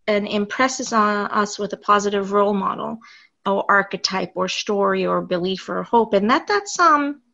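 A woman's voice: medium pitch, normal speed, creaky, bright, forceful tone. A woman from New York hosting a podcast interview, with a New York accent, giggly and rambling as she wraps up the episode. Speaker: podcast host. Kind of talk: casual interview wrap-up. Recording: slightly dull lo-fi audio.

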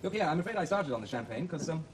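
Jovial posh gentleman, teasing and theatrical, lively and quick, hissy old TV sound. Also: on the high side. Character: charming upper-class Edwardian gentleman. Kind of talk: 1970s television period drama.

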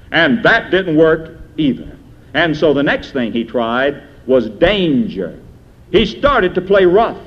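A middle-aged man preaching a sermon from the pulpit, emphatic, his voice rising high and then dropping low. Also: fairly bright tone. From United States. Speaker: pastor. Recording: dull lo-fi archival sermon tape.

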